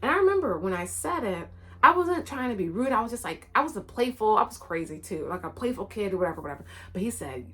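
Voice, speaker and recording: A woman's voice: medium pitch, very animated, fast, bright, forceful tone, breathy edge. A woman running her own channel, telling a personal story in a casual, rambling and emphatic way, often repeating her phrases. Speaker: channel creator.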